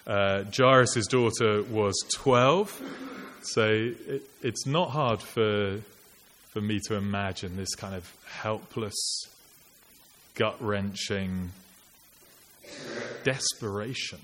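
A man's voice: on the low side, takes it slowly, fairly bright tone. A man preaching a sermon in an earnest, reflective, conversational way, posing rhetorical questions to his listeners. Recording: long church reverb, faint hiss.

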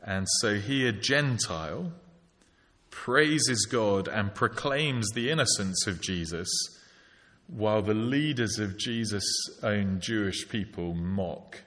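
Male preacher, low-pitched, sermon in a reverberant church hall. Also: expressive, slow, a bit bright. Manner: reflective, asks rhetorical questions.

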